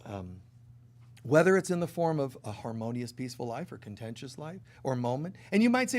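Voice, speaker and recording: A middle-aged man preaching a spiritual sermon, telling a story with playful asides, often dropping soft and then rising loud. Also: sits high, expressive, fairly quick. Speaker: spiritual teacher.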